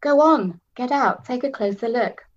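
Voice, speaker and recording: A woman's voice: medium pitch, fairly quick, a little mellow, dull audio, natural voice. A woman putting on a cooing, bossy pavilion owner. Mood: urging. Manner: cooing, eager, commanding.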